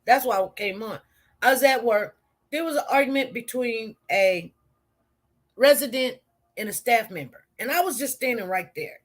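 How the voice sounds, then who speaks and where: Speaking at a normal speed in a voice on the high side, a nurse tells her viewers a work story during a casual live stream. She rambles and repeats herself, addressing them directly.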